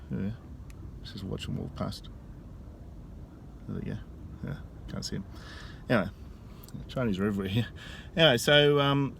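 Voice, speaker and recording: A man rambles through a story for his vlog, stopping and restarting his sentences as he goes. His voice sits at an ordinary pitch for a man. He is recorded on a phone outdoors, with faint street ambience behind him. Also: gravelly, a little hiss or hum. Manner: rambling, halting, with frequent restarts. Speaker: vlogger.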